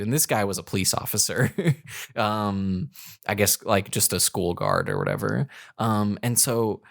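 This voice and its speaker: A man's voice: lowish voice, big pitch swings, a little slow, creaky, fairly bright tone, dry recording, studio quality. A young man on a podcast, telling a story from his childhood in a loose, rambling way with lots of fillers and restarts. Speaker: podcast co-host. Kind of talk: casual storytelling.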